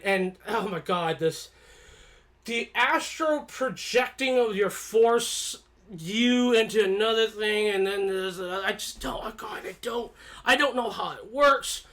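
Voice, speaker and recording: A chatty reviewer talks through a film in a casual, offhand way. The speech rambles, with frequent restarts and repeated words. The voice sits at an ordinary middle pitch. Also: a bit bright. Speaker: movie reviewer.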